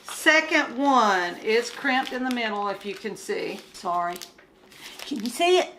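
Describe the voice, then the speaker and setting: A woman's voice: on the high side, lively intonation, unhurried, sharp tone, a little hiss or hum. A woman crafts vlogger chatting casually to her viewers while unboxing kits at home, talking straight to the camera and getting exasperated over problems. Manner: chatty, addresses viewers directly, grows exasperated.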